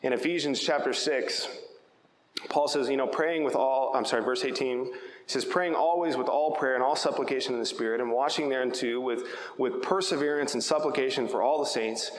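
A man's voice: mid-range voice, brisk, a little hiss or hum. A young adult male pastor preaching an emphatic, conversational sermon, often checking in with his listeners by asking "right?". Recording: echoey hall with long reverb.

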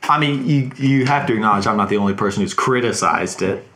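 A man's voice: on the low side, fast, fairly bright tone, a little hiss or hum. A man co-hosting a podcast, chatting casually about a movie, hedging and restarting his sentences. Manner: hesitant, hedging, many restarts. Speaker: podcast co-host.

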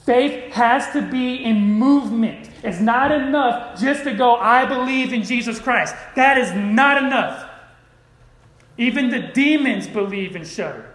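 Guy preaching, high voice, keeps asking the crowd if they're with him, roomy church sound. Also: measured pace, a bit bright. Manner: preaching, calls out to the congregation. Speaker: pastor. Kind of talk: sermon.

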